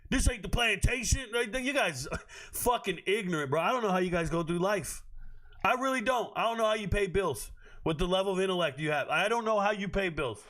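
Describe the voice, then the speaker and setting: A man's voice: high voice, expressive, a little fast, a bit bright. A man hosting a live stream, ranting at his chat in a brash, profane, confrontational way.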